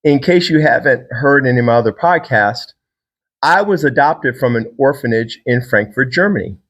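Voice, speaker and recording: A man from Virginia hosts a solo podcast as a fitness trainer. He tells stories in a casual, enthusiastic and rambling way. His voice sits at an everyday middle pitch. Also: lively intonation, normal speed, a bit bright.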